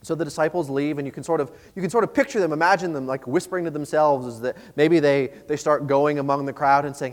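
Chatty pastor guy, kinda high voice, echoing around a big hall. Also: steady tone, quick pace, few pauses. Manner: conversational, asks the listeners questions. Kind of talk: sermon. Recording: long reverb of a large hall.

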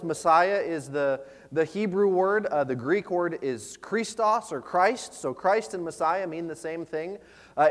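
A pastor giving an earnest, conversational sermon, often repeating words and using fillers. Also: male voice, fairly high pitch. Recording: long reverb of a large hall.

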